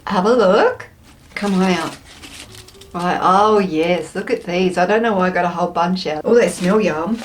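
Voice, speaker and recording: A woman vlogger chatting her way through a taste test, expressive and playful, thinking aloud as she tries each snack. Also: on the low side, normal speed, slight background noise. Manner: playful, with frequent laughs.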